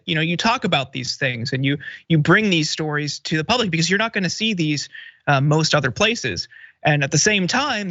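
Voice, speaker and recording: A man co-hosting a political talk show, speaking in a measured, thoughtful way with frequent fillers. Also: on the high side, bright, forceful tone, no room sound, highs cut off. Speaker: co-host. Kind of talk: political commentary.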